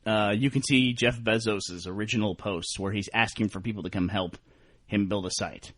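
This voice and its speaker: A man's voice: lowish voice, fairly even intonation, moderate pace, fairly bright tone. A man hosting a casual podcast chat, wry and reminiscing. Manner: wry, reminiscing about early internet sites. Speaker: podcast host.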